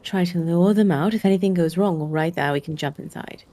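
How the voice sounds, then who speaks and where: Brisk, directive female player with a lower voice. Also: dark tone. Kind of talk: casual tabletop game chat.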